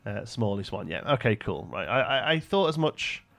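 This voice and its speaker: A man's voice: fairly low pitch, sing-song, normal speed, gravelly, fairly bright tone, soft background music. A young man live-streaming a building game, thinking aloud and chatting with viewers between frequent fillers. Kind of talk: casual live-stream commentary.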